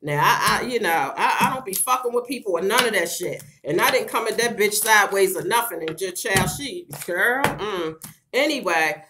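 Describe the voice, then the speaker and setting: A woman's voice: mid-range voice, animated, normal speed, noisy background. A middle-aged woman vlogging in a casual chat to camera, talking frankly to her viewers, with laughter and a lot of swearing. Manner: frank, profane and laughing, talks straight to viewers as "girl".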